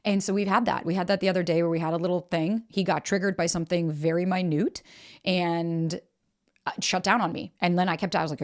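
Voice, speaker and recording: A woman's voice: lowish voice, fairly even intonation, brisk. A woman in her thirties hosting a podcast, giving candid relationship advice in a blunt, emphatic way with casual swearing. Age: 30s. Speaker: podcast host.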